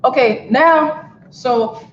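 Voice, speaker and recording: A woman's voice: high voice, very slow, a little hiss or hum. Brief: woman, cooking-stream host, loose and chatty with viewers, roomy and slightly muffled kitchen sound. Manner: chatty, talks straight to viewers. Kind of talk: casual live cooking stream chat. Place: home kitchen. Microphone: camera on a stand for a live stream.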